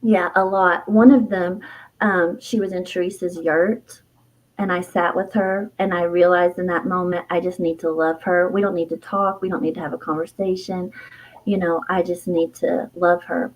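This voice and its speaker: A woman's voice: lowish voice, steady tone, normal speed, low-quality recording. Heartfelt woman telling a personal story. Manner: heartfelt, reflective, frequent fillers and soft laughs. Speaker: guest, herbalist and author.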